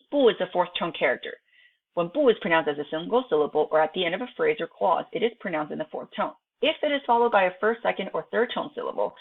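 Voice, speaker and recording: Through a thin, tinny home recording that resembles a phone line, a native Chinese-speaking woman teacher with a low, gravelly voice leads an online lesson. She first reads the textbook out loud, then talks casually with her students, dropping in "right?" over and over.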